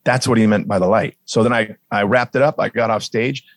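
A man's voice: lowish voice, fairly even intonation, fairly quick, no room sound. A male comedian telling a casual story, acting out dialogue and swearing freely. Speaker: comedian guest.

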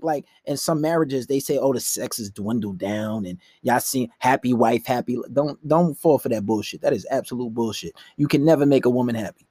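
A man's voice: on the high side, darkish tone, no room sound, studio quality. A young man hosting a podcast, ranting profanely and bluntly about dating in a rambling, casual way from his room at night. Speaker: podcast host. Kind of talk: casual dating-advice rant. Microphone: laptop.

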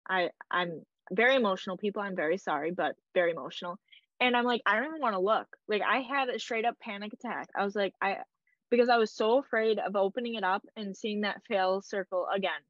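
A woman's voice: mid-range voice, brisk, dry recording, muffled recording. A young woman telling a personal story in a casual, emotional way, peppered with "like" and quoted dialogue. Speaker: guest.

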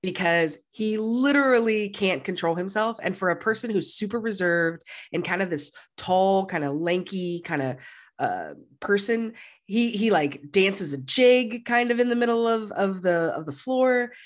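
A woman's voice: medium pitch, lively intonation, unhurried. A woman co-hosting a podcast, chatting casually and animatedly about a film and laughing often. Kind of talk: casual chat recapping a film.

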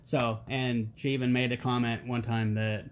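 With slight background noise, a medium-pitched man talks at a moderate pace. He's a middle-aged podcast guest sharing family stories casually and with humor, an animated teller who acts out quotes in character.

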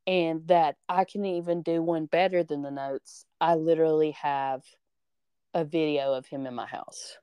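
A young woman hosting a podcast, casually telling a story with animated energy and frequent swearing, acting out the people she quotes. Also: sits low, normal speed, clear, resonant tone, no echo. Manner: animated, acts out quoted voices, swears freely. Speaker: podcast host.

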